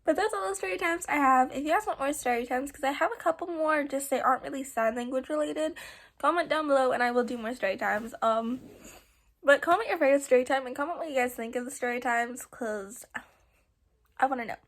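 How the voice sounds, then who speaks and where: A woman's voice: sits high, brisk. A teenage girl telling a rambling, giggly story to her viewers, full of fillers and restarts. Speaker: vlogger. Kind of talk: casual storytelling to camera.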